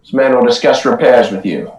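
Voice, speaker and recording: A man playing a ship captain in a tabletop game, calm and decisive. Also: mid-range voice, fairly quick. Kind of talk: tabletop role-play. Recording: distant mic in echoey room.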